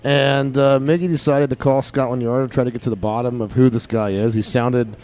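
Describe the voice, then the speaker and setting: A man's voice: mid-range voice, steady tone, a little fast, a little mellow. A man hosting a comedy podcast in casual chat, moving the show along with wry asides. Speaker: podcast host.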